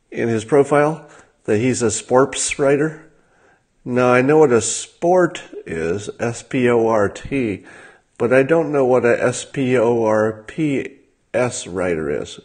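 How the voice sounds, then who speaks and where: A man hosting a livestream, talking in a casual monologue with a dry, sardonic manner and frequent halting fillers. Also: mid-range voice, darkish tone. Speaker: livestream host.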